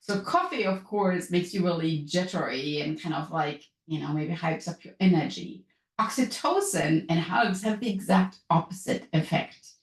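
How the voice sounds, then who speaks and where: Woman with a European accent, podcast host, upbeat and chatty, roomy echo. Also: normal speed. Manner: upbeat, chatty, lively pitch swings. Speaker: podcast host, business and wellness coach. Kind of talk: solo podcast talk. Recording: echoey room.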